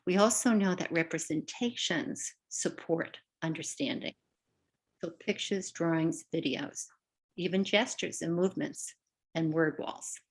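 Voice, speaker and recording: Teaching a webinar over video call, this older literacy educator has a lowish, slightly rough voice and talks a little slowly. Her style is chatty, and she keeps checking in with her audience, dropping in "right?" and "all right."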